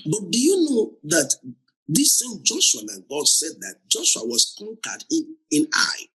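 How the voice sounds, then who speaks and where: Laughing, lively preacher man with a husky voice. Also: a little high, a little slow, low-quality recording. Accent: Nigerian. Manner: laughs often, repeats phrases for emphasis. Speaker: pastor. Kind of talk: sermon.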